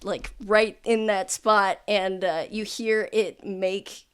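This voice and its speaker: A woman narrating as game master in a casual tabletop game, relaxed and chatty with many fillers. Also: medium pitch, slow pace, smooth.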